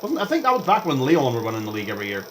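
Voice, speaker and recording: A young man rambling through gameplay commentary as a vlogger, chatty and excitable, jumping between topics and reacting aloud to the game. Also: medium pitch, very fast, slight background noise. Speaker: gaming vlogger.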